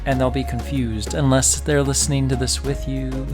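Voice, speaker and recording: A man's voice: mid-range voice, little pitch movement, normal speed, hardly any pauses, darkish tone, faint music behind. A man hosting a children's nature and science podcast, explaining facts in a playful, jokey way and asking the listener questions. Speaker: host of a kids' science podcast. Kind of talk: educational narration for children.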